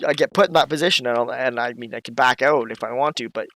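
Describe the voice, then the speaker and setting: A man, co-hosting a casual podcast chat, blunt and animated with lots of swearing. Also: medium pitch, fast talker, rough recording. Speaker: podcast co-host.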